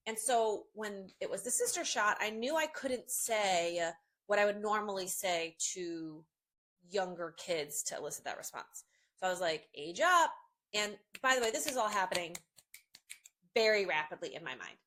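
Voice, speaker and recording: A woman, a family photographer, telling a funny story to camera in a bubbly, self-mocking way, jumping up in pitch when she acts out quotes. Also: expressive, moderate pace, a bit bright.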